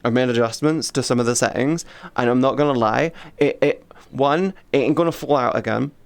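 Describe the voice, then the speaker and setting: A man's voice: medium pitch, fairly quick, vocal fry, no echo. A man chatting casually on a stream in a laid-back, teasing way.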